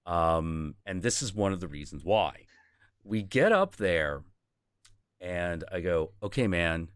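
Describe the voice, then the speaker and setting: A man hosting a casual stream, telling a story in a rambling, profane, animated way. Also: low-pitched, dry recording, clean studio sound. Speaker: host.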